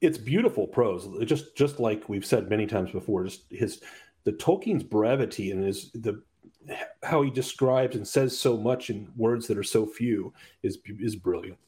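A man's voice: lowish voice, animated, normal speed, dark tone. A man co-hosting a book podcast, praising the prose with emphatic, repeated phrases. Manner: enthusiastic, emphatic opinions with repetitions. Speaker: podcast co-host. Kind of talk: casual book discussion.

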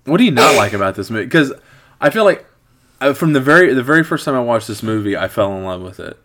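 A man's voice: medium pitch, sing-song, fast, a bit bright. A middle-aged man chatting casually about a movie he loves. He rambles, repeating words as he works out his thoughts. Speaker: podcast host. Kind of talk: casual movie review chat.

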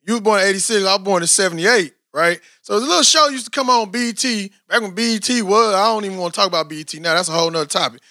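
A man's voice: high-pitched, rapid-fire, hardly any pauses, no echo, clean studio sound. A man, chatting casually and animatedly in a rambling, slangy way as a podcast co-host. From Texas, USA. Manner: animated, rambling, slangy, frequent "you know what I'm saying". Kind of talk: casual chat.

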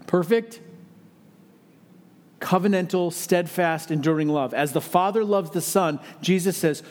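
A man's voice: fairly high pitch, normal speed, darkish tone. A man preaching a sermon as a pastor, earnest and emphatic, asking rhetorical questions of his listeners.

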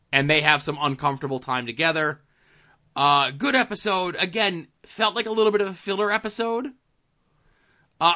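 A man's voice: fairly high pitch, pushed and bright, muffled recording. A man co-hosting a casual podcast, recapping TV episodes in a laid-back, dry way with plenty of fillers. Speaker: podcast co-host.

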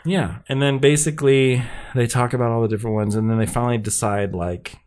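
A man's voice: mid-range voice, steady tone, a little fast, a little mellow. A man in casual chat, animatedly recapping a TV episode and acting out the characters' lines. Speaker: podcast co-host recapping a TV episode.

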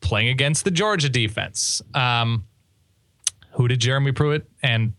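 A man's voice: mid-range voice, measured pace, a bit bright, no echo. A man co-hosting a casual sports podcast, talking in a laid-back, wry way. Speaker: podcast co-host.

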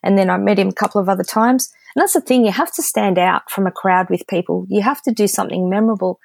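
Woman, Australian accent, podcast guest, candid, storytelling, mid pitch, dry close sound. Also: fast, creaky, no room sound. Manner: lively storyteller, candid and direct. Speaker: guest copywriter. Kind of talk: casual podcast interview.

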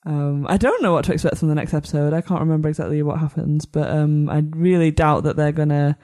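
A woman's voice: low voice, steady tone, quick pace, dark tone. A woman with a Northern English accent talks loosely through a podcast review, full of fillers and little laughs. Her thoughts wander before they land. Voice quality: giggly, rambling with fillers. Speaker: podcast co-host. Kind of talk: casual review chat.

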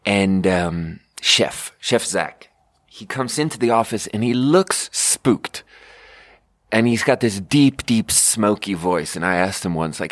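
A man's voice: on the low side, expressive, measured pace, no echo. A man in his thirties hosting a podcast, telling a rambling comic story with sarcastic asides and constant self-corrections. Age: 30s. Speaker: podcast host. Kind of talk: rambling comedic storytelling monologue.

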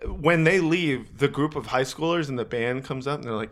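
A man's voice: mid-range voice, moderate pace, few pauses, a bit bright. A man comedian telling a story in casual chat, rambling and profane with many restarts.

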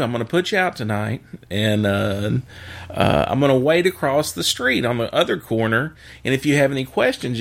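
A man chatting casually and telling a story with lots of laughter. His pitch swings widely as he goes, lively and animated. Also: moderate pace. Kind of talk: casual chat, telling a dirty joke.

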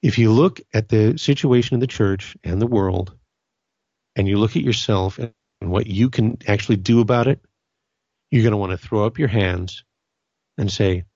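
A middle-aged Southern California man who hosts a Catholic podcast talks about faith casually and earnestly, often restarting his sentences. His voice is fairly low, normal in speed and a little mellow, and the recording is dry and muffled.

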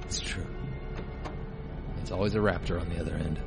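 A man's voice: low-pitched, steady tone, normal speed, vocal fry, over loud music. A man co-hosting a podcast in casual chat, swearing and telling stories with jokes. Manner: crude, joking storyteller. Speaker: podcast co-host. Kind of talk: casual chat over a film.

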